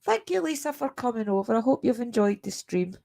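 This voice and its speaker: A woman's voice: fairly high pitch, sing-song, fairly quick, creaky, mellow. A Scottish woman hosting a paranormal live stream from home at night, chatting casually with her viewers, laughing often and greeting them by name.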